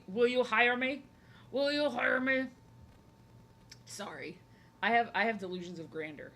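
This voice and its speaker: A woman's voice: medium pitch, pushed and bright, a little hiss or hum. A woman chatting casually with her live stream viewers while she draws, rambling and filling her talk with "like". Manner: rambling, filler-heavy, talks to chat. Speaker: art streamer.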